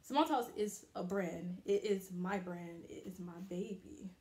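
A woman's voice: on the low side, unhurried, a little mellow, echoey room. A young adult woman vlogging in a casual, candid way, repeating phrases for emphasis. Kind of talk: casual motivational vlog talk. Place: her bathroom.

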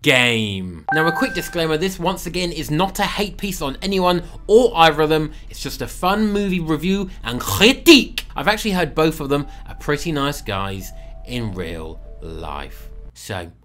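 Young man, sarcastic movie reviewer, swears, lively up-and-down voice, faint music. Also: a little high, moderate pace. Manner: sarcastic, swearing, playful asides. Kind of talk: comedic movie review commentary.

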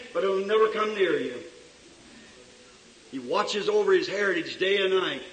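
A male preacher delivering a fiery revival sermon in a church, swinging between shouts and low asides. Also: animated, moderate pace. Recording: echoey hall recorded from far off.

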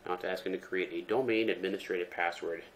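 Over faint noise and keyboard typing, a very low-voiced man presents a screen-recorded tech tutorial at a quick pace. His step-by-step explanation stays relaxed and is peppered with ums and uhs.

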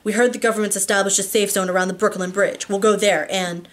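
A woman voicing an earnest, overwhelmed young alien hero who speaks in a halting, sincere way. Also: medium pitch, steady tone, natural voice.

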